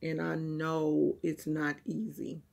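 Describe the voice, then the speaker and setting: Emphatic, husky-voiced woman ranting. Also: completely flat delivery, slow pace. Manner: emphatic, swings from low murmurs to loud high outbursts. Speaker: vlogger. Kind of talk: casual rant to camera.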